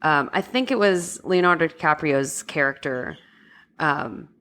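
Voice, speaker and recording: A woman's voice: low-pitched, a little slow, fairly bright tone. A woman co-hosting a podcast, talking casually and hesitantly with many fillers. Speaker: podcast co-host. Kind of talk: casual chat.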